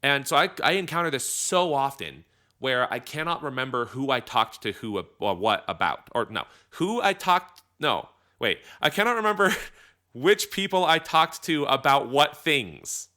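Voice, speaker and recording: A man's voice: medium pitch, animated, moderate pace, sharp tone. A man co-hosting a casual podcast chat, rambling and correcting himself as he goes, laughing often. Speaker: podcast co-host.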